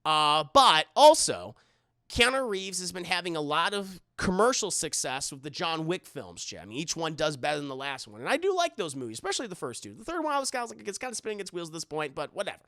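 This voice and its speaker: A man's voice: on the high side, big pitch swings, quick pace, sharp tone, dry recording, clean studio sound. A man live-streaming, rambling through casual commentary and reading out his chat, often stumbling and repeating words.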